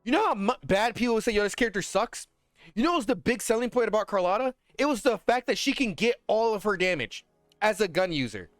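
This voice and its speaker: A man with a fairly high voice rants about games in loose, slang-heavy talk, fired up and swearing freely. His voice sounds dry and close, with no room echo. Quiet music plays faintly underneath. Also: big pitch swings, fast. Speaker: gaming content creator. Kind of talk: casual ranting commentary.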